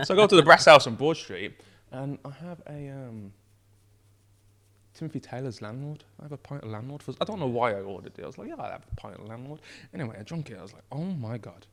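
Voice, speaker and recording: A man, a brewery founder chatting as a podcast guest, telling excitable, rambling stories. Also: mid-range voice, quick pace. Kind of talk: casual chat.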